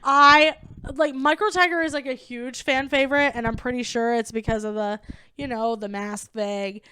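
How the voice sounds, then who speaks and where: A young adult woman co-hosting a comedy podcast, chatting casually and excitedly with lots of "like" and quoted impressions. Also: on the high side, smooth. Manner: bubbly, rapid recaps full of "like" and quoted impressions. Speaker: podcast co-host.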